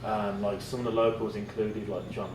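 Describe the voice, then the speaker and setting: A man's voice: on the low side, moderate pace, recorded from a distance. A man from England, telling rambling comic-shop stories as a podcast guest, laughing and swearing as he goes. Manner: rambling, laughing, swearing, quoting people in lively voices. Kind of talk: casual storytelling chat. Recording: roomy, off-mic, noisy podcast.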